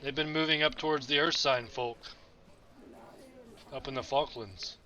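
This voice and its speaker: A man's voice: medium pitch, fairly even intonation, moderate pace, sharp tone, muffled recording. A man playing a tabletop game, talking casually in and out of character. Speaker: player.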